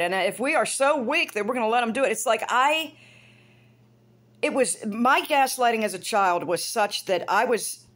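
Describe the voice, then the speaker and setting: Blunt rambling woman, swearing freely. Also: mid-range voice. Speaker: hairdresser and vlogger. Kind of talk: casual monologue.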